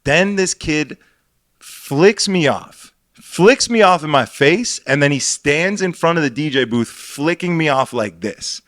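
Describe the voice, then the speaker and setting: A man's voice: a little high, lively intonation, a little slow, a bit bright, no room sound, clean studio sound. A young man co-hosting a podcast, telling a rambling, profane story about DJing in casual chat. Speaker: podcast co-host and DJ.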